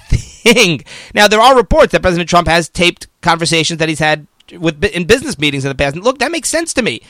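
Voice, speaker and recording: A man's voice: high voice, fairly bright tone, dry recording. A man hosting a political commentary show, talking casually and argumentatively, often mocking the media with quoted voices.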